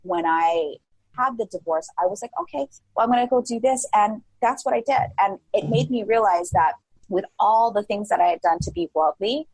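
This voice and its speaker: A woman in her forties, a podcast guest, talking in a casual and animated way with lots of "like" fillers, often acting out her own past thoughts. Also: medium pitch, normal speed, no room sound, rough recording. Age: 40s. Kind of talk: casual interview chat.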